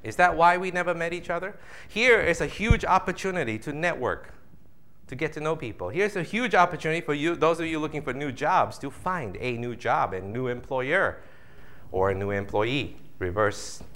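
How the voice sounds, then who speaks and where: Bright, animated male motivational speaker. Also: fairly high pitch, moderate pace. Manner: animated, jokey, acts out audience voices. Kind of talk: live motivational seminar talk.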